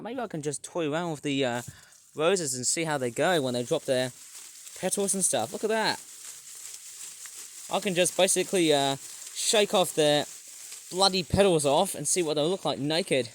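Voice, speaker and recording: A man's voice: fairly high pitch, no room sound. Rambling man vlogging outdoors. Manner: rambling, self-mocking, stumbles over words. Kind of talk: casual garden vlog. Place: backyard garden, outdoors.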